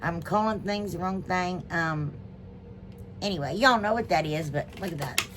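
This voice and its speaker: Against a noisy background, a woman with a fairly low voice speaks at normal speed. She hosts a home DIY channel and is doing a casual unboxing chat, gushing to viewers about gifts with lots of fillers and an Ohio accent.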